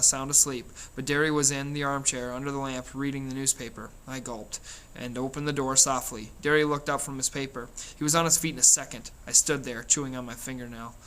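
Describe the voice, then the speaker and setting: A man's voice: medium pitch, a bit bright. A man reading a novel aloud in a plain storytelling way, with small slips and restarts. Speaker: reader.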